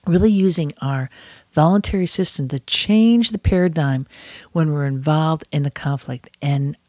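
Speaking from his office, this instructor and author gives a relaxed breathing lesson, chanting aloud to demonstrate and poking fun at himself along the way. He has a somewhat high, darkish voice at normal speed, with no echo in the room.

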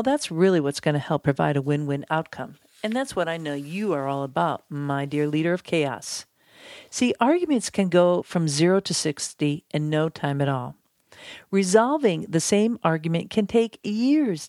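A woman teaching conflict management in a playful, chatty manner that addresses the listener directly. Her voice is lowish and mellow. The recording is dry and close, with no room sound. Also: no room sound. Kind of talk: instructional audiobook narration.

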